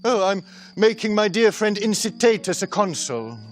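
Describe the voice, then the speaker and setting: A whimsical, giggly emperor in a comedy sketch. His voice sits somewhat high and moves around a lot. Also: big pitch swings, normal speed. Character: eccentric, childish Roman emperor.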